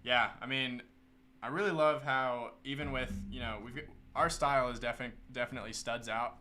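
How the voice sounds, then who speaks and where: A man's voice: medium pitch, steady tone, normal speed, bright, forceful tone. A man hosting a live building stream, chatting casually and enthusiastically.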